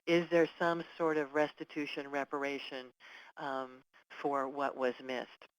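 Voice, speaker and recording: A woman's voice: very deep voice, level tone, measured pace, no echo, dull audio. A woman giving an educational webinar talk, earnest and emphatic, who sometimes acts out example apologies. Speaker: webinar presenter.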